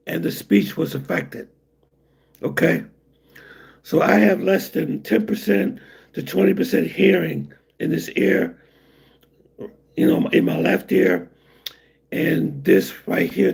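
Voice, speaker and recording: Raspy, gravelly-voiced man chatting. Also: sits high, a little mellow. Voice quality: raspy, breathy, weak voice. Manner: rambling, halting, many fillers. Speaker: livestream host reading chat. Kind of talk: casual livestream chat.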